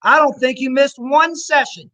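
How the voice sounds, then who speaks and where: A man's voice: very high voice, fairly even intonation, moderate pace, sharp tone, muffled recording. A man, a personal trainer, answering interview questions in a rambling, coach-like way. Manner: rambling, full of fillers and restarts, coach-like encouragement.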